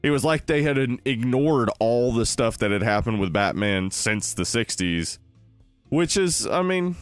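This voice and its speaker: A man's voice: mid-range voice, expressive, unhurried, smooth, dry recording, soft background music. A man in his thirties co-hosting a podcast, rambling casually about films with lots of "like". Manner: rambling, many "like"s and restarts. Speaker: podcast co-host. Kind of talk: casual film-review chat.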